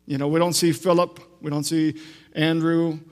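A male preacher giving an unhurried, conversational sermon with asides and restarts, in a church sanctuary. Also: a little high, flat delivery, darkish tone. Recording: long echo of a large hall.

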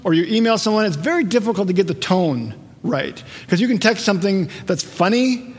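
A man's voice: high voice, animated, fairly quick, long reverb tail. A man preaching a conversational, earnest sermon as a pastor, often restarting and rephrasing his thoughts.

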